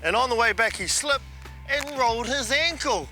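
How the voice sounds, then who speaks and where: A man spins a yarn in a lively, slangy way. His voice sits high and sounds very bright and sharp. Faint music plays behind him. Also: moderate pace. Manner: lively yarn-spinning, colloquial. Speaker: storyteller. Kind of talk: casual anecdote.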